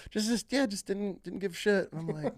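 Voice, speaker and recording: A young man, a hunting guide, telling stories in casual podcast chat, acting out clients in higher voices and laughing as he goes. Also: moderate pace. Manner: animated, acts out clients in higher voices, laughs mid-story.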